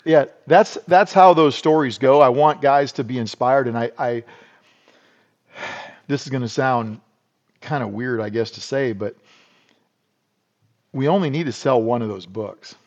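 A man's voice: mid-range voice, a little slow, long pauses. A middle-aged American man, a podcast guest, telling stories in a rambling, folksy way with lots of "you know." The sound is dull and lo-fi. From United States. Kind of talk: casual storytelling interview.

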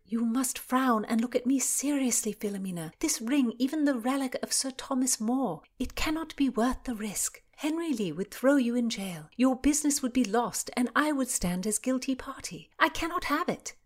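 An earnest young noblewoman from a historical storybook, voiced by a woman reading aloud. She pleads and frets in a lifted, higher voice, lively and quick to protest.

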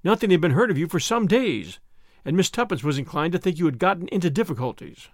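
A man voicing a grave older male lawyer who speaks in a measured, dry way with clipped questions. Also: high voice, expressive, no room sound.

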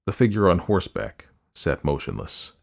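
A man with a very low, deep voice reads a story aloud like an audiobook. His delivery is measured and descriptive, keeping a steady narrating tone. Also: gravelly.

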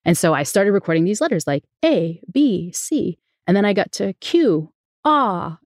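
A woman psychologist hosting a podcast, telling stories in a casual, animated way and playfully mimicking voices. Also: mid-range voice, moderate pace, no room sound, studio quality. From New Bedford, Massachusetts.

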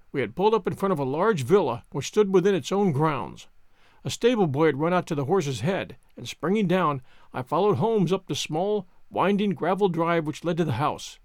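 A man narrating a classic detective story, his fairly high voice rising and falling with expressive storytelling. The recording is close and dry, with no room sound. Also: moderate pace, no echo.

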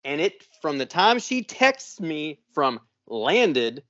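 A man's voice: a little high, sing-song, slow pace, a bit bright, dry recording, muffled recording. A man co-hosting a podcast, telling a long profane story and acting out both sides of an argument. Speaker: podcast co-host. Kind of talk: casual storytelling.

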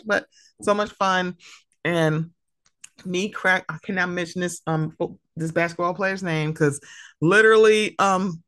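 A woman in her thirties hosting a podcast, chatting casually and playfully with quick asides and acted-out quotes. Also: lowish voice, fairly bright tone, dry recording, studio quality. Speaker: podcast host. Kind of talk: casual chat.

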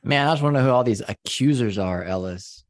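A man's voice: mid-range voice, expressive, fast talker, no echo, studio quality. A man co-hosting a podcast, bantering in a slangy, joking, fired-up way. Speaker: podcast co-host.

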